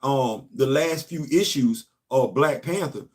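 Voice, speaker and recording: A middle-aged man, hosting casual comics commentary, talking straight to viewers and often getting loud and excited. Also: mid-range voice, slow pace. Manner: animated, talks straight to the audience, rising to loud exclamations. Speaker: host of a comics commentary channel.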